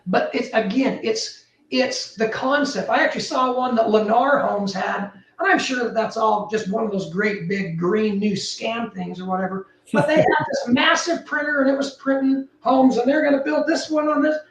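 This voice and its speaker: A high-voiced woman speaks as an interview guest, animated and emphatic, her pitch leaping up and down as she makes her points. Her voice sounds roomy and set back from the mic. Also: normal speed, hardly any pauses, recorded from a distance. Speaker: guest, building technology entrepreneur. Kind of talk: casual interview talk.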